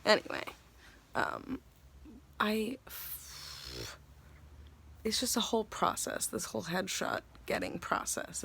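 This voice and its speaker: A woman's voice: mid-range voice, very animated, takes it slowly, vocal fry, long pauses, a bit bright, slightly rough. A young woman talking to camera in a casual vlog, chatty and rambling, giddy and self-mocking, tired and hungry. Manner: giddy and scattered. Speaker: actress vlogger.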